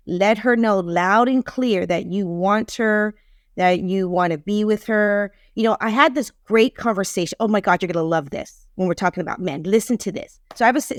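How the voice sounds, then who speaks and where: A middle-aged woman, a relationship expert guest on a podcast, telling a story in a lively way and acting out quoted lines. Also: medium pitch, dry recording, clean studio sound. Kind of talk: casual podcast conversation.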